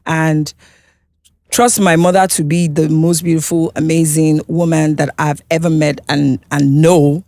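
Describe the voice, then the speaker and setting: A woman's voice: deep voice, little pitch movement, mellow, no room sound. A Nigerian woman, a singer and interview guest, recounting her life candidly, with frequent restarts and check-ins with her listener. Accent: Nigerian English. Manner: halting, restarts often, checks in with "you understand?".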